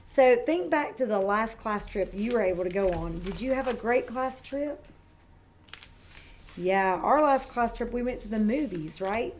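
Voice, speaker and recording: A woman's voice: fairly high pitch, lively intonation, unhurried, slight background noise. A middle-aged woman, a kindergarten teacher, giving a friendly, patient lesson that speaks straight to young children. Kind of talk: read-aloud and classroom lesson for young children.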